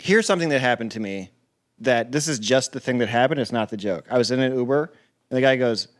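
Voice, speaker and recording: A man's voice: medium pitch, fast. A man, a comedian guest on a podcast, telling stories in casual chat, rambling with many restarts and frequent swearing.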